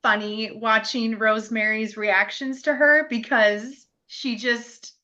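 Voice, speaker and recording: A woman's voice: fairly high pitch, fairly even intonation, slow, bright, forceful tone, muffled recording. A woman co-hosting a podcast, chatting casually about a TV episode, laughing often and murmuring agreement. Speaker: podcast co-host. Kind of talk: casual TV episode review chat.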